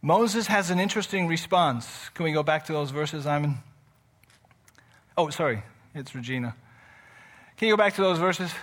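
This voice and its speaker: A male pastor preaching a sermon in an animated, conversational storytelling manner with playful asides. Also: fairly high pitch, moderate pace, pauses often.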